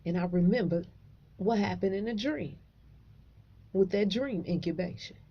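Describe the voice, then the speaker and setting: A woman vlogger, telling a dream story casually, profane and animated. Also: medium pitch, moderate pace, slightly rough, highs cut off.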